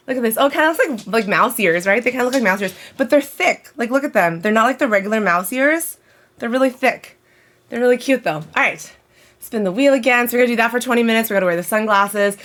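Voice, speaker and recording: A woman's voice: fairly high pitch, lively intonation, fast talker, fairly bright tone. A woman livestreaming from home, chatting casually and rambling to her viewers. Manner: chatty, rambling, talks to chat. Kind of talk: casual live-stream chat.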